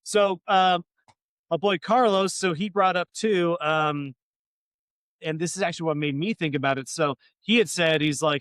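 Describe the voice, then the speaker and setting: A man's voice: a little high, moderate pace, a bit bright, clean tone, no room sound. A man co-hosting a casual podcast chat, rambling, swearing a lot and getting fired up. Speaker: podcast co-host.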